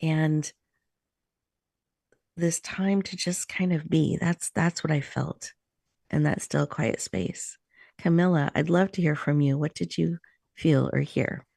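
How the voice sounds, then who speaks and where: A woman hosting a talk show who leads a slow, soothing guided meditation with encouraging words. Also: low-pitched, steady tone, creaky, a little mellow, dry recording, clean studio sound.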